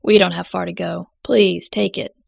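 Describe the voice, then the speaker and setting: A woman doing a smug, gravelly old rain-maker man. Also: lowish voice, steady tone, normal speed, no room sound, studio quality. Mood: sly. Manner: gruff, scolding and smug. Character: eccentric proud older man who summons floods.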